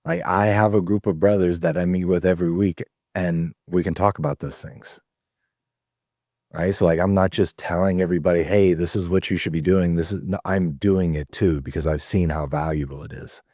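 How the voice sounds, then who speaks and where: A man being interviewed over a video call who speaks as an earnest, animated storyteller. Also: low voice, moderate pace, dry recording, clean studio sound. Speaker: guest, men's community founder. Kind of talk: conversational storytelling.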